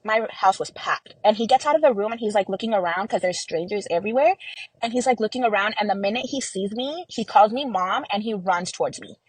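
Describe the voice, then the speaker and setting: A woman's voice: medium pitch, expressive, a little fast, breathy edge, dry recording, poor audio. Young woman guest, dry close sound, grief-laden storytelling full of quoted dialogue and fillers. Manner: recounts events by acting out quoted dialogue, many fillers. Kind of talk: emotional personal storytelling.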